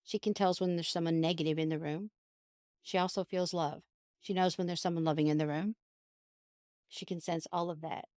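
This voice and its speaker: A woman guest talking about spiritual healing in a calm, reassuring way, sometimes acting out voices in a story. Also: fairly low pitch, brisk, no echo, clean studio sound. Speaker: guest healer. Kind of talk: casual spiritual talk.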